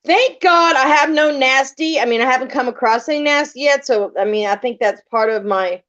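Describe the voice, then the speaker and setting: A woman's voice: high voice, a little fast. Middle-aged woman telling stories. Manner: animated, tells stories acting out quotes. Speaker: live stream guest. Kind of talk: casual storytelling chat. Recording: muffled lo-fi live stream audio.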